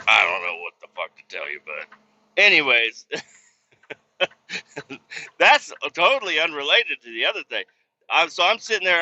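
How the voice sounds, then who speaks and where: Man, trucker podcast host, sharp bright voice, swearing, rambling, dull lo-fi sound. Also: medium pitch. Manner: profane, rambling, exasperated. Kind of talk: casual storytelling. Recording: dull lo-fi with faint noise.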